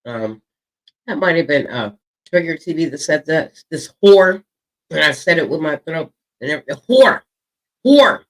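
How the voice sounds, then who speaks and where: A man's voice: on the high side, moderate pace, fairly bright tone, rough recording. A man hosting an online drama show, taunting and insulting a rival with constant profanity. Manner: profane taunting, stretching words for emphasis. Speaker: show host. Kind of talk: heated drama commentary.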